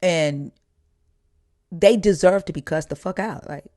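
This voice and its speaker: Heated, profane woman with a low voice. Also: a little slow, darkish tone, no echo, studio quality. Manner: blunt and profane, heated storytelling. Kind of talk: candid conversation.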